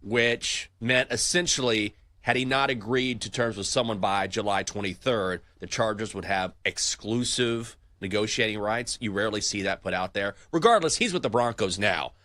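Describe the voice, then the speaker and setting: A man's voice: on the low side, moderate pace, no room sound. A man co-hosting a sports betting show, telling stories in casual chat and acting out the voices he quotes. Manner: animated storyteller, acts out quoted voices.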